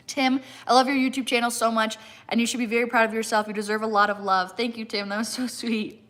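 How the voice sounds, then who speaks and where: A woman's voice: fairly high pitch, level tone, fast talker, fairly bright tone. A young woman chatting casually on a live stream, reading out viewer comments and using "like" constantly while eating. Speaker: fitness content creator.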